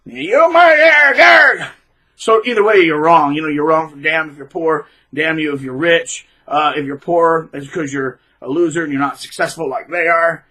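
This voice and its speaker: Husky, bright-voiced man ranting. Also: a little high, moderate pace, few pauses, rough recording. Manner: emphatic, with sudden loud bursts; rambling, with frequent restarts. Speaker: channel host. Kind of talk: casual advice monologue.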